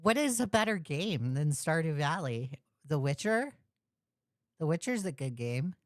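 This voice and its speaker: A woman's voice: sits low, very animated, measured pace, dry recording, studio quality. A woman hosting a livestream, reacting to a video with blunt, profane, mocking commentary. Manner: taunting, mocking, breaks into laughter.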